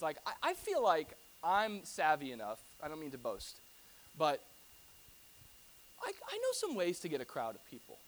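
A man preaching a sermon to his church in a conversational, animated way, with humorous asides to the congregation. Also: a little high, slight background noise. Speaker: pastor.

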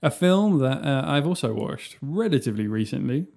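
A man's voice: mid-range voice, animated, moderate pace, vocal fry, mellow. A man from England co-hosting a casual podcast chat, joking around and slipping into silly impressions. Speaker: podcast co-host.

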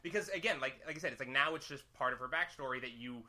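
A man co-hosting a podcast, chatting casually about a movie, joking and quick to agree. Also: mid-range voice, sharp tone. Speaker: podcast co-host.

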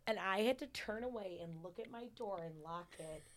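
A woman's voice: mid-range voice, moderate pace, a crowd in the background. A young woman comedian, a podcast guest, telling a story in casual chat, laughing as she acts out quotes.

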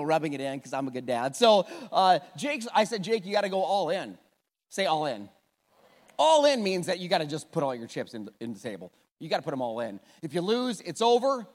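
A middle-aged man preaching a sermon, telling a personal story in an animated way, with sudden swings between loud and hushed. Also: high voice. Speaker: pastor. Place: large church hall. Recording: long hall reverb.

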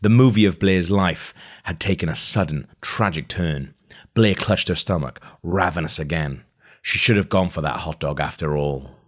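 Deep-voiced guy reading a book out loud, chatty, keeps stopping to react. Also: normal speed. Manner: chatty, amused, breaks off to react. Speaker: reader of a novel. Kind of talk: casual read-aloud with asides.

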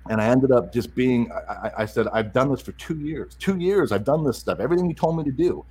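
A man candidly telling a personal story, halting and repeating words as he restarts his sentences. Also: mid-range voice, expressive, darkish tone, slight background noise, low-quality recording.

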